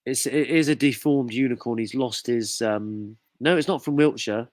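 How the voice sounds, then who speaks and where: A man's voice: mid-range voice, moderate pace, no echo. A man from the UK hosting a casual live quiz, jokey and chatty as he reads out viewers' comments. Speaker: quiz host.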